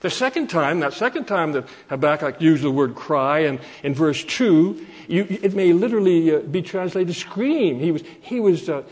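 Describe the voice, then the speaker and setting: A man preaching a sermon from Canada, earnest and repeating phrases for emphasis, slowing down to quote scripture. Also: sits high, darkish tone, husky.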